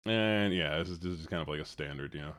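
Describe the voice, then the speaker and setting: A man's voice: a bass voice, quick pace, a bit bright, dry recording. A man streaming live, reacting to viewer submissions in casual chat, often sighing, swearing and repeating himself in exasperation.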